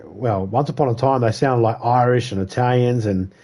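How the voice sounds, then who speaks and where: During a survival-game livestream, a US man talks to viewers with casual swearing and plenty of rambling. He speaks at a moderate pace, with a medium-pitched voice and a dark tone.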